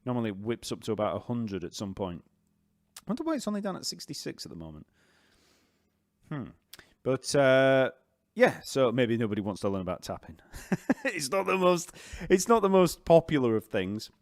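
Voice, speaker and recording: A man with a Yorkshire accent, a bass teacher chatting casually on a live stream, rambling and reading out viewer comments. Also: big pitch swings, moderate pace, dry recording, studio quality. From Yorkshire, northern England.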